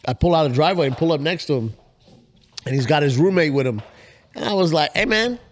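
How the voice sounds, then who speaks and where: A podcast co-host tells a story in a casual chat, speaking fast and animatedly. He acts out quotes with big jumps in pitch.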